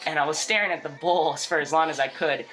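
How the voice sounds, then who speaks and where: A young man telling a story as a podcast co-host, animated, laughing often and full of fillers. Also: a little high, fast talker, soft background music. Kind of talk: casual storytelling chat.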